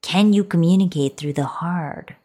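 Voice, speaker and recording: Here a woman's low, full voice delivers an intimate solo pep talk on relationships, addressing the listener directly like a podcast host. Playful and coaxing, she calls them baby and occasionally sinks into a soft whisper, all at a normal speed.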